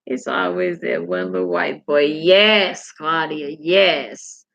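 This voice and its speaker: On a dull, lo-fi recording, a woman with a lowish, fairly bright voice speaks slowly and steadily with vocal fry. She's a salty, candid livestream host who chats directly with her viewers, reads their comments, and tells stories.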